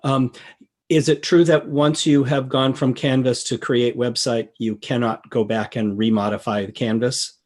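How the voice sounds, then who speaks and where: A man's voice: mid-range voice, level tone, normal speed, a little mellow. A man asking polite, slightly hesitant questions during an online webinar call. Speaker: webinar participant. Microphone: computer mic on video call.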